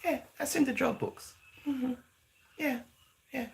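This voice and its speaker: A woman from England vlogs in a slow, high-pitched voice with vocal fry and fairly even intonation. Her talking-to-camera monologue is chatty and rambling, sprinkled with "you know" and "right?" and bits of Jamaican-style phrasing.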